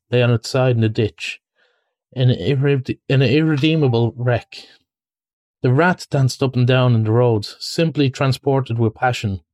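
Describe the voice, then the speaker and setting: A man reading a children's classic aloud in measured storybook narration, with a few small restarts. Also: medium pitch, a little mellow, dry recording. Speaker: reader.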